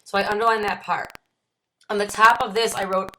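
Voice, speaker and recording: A woman with a Midwestern American accent guides a book study with a bright, clear voice. She reads short passages aloud, then explains them in her own words. Key phrases get repeated slowly for weight. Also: medium pitch, steady tone, slight background noise, low-quality recording. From United States. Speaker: study group leader. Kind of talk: reading and explaining a recovery text.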